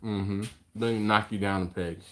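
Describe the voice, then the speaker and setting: A man's voice: fairly low pitch, fairly even intonation, normal speed, background noise. Teasing American man hosting a live stream. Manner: teasing, reads viewer comments aloud. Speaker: host. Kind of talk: casual live stream chat.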